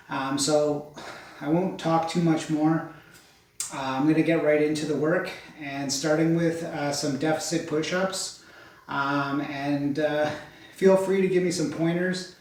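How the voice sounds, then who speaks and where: A man's voice: on the high side, fairly even intonation, a little slow, distant mic. Breathless rambling man in echoey room. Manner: rambling, with many ums and uhs. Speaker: fitness vlogger. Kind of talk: casual workout check-in.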